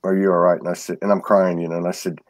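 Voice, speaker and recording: Deep-voiced and racing along with little pitch movement, this man is a guest in a relaxed conversation about spiritual matters. The recording has no room sound, and his earnest stories are full of restarts and repeated words.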